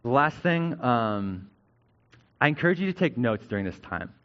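A man's voice: medium pitch, big pitch swings, normal speed, lo-fi sound. A male pastor giving a conversational sermon, often checking in with "right?" as he teaches.

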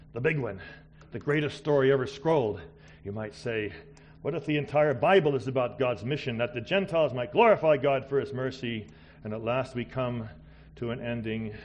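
A middle-aged man preaching a missionary sermon, swinging between loud exclamations and quiet asides. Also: medium pitch, a little hiss or hum.

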